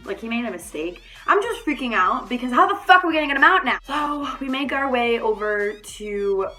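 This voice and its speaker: A young adult woman telling a story in a casual vlog, animated and swearing freely. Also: mid-range voice. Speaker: vlogger.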